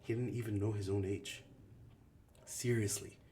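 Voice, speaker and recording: A man narrating an audiobook in an even, steady storytelling voice. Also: low voice, normal speed, a little hiss or hum. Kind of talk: audiobook reading.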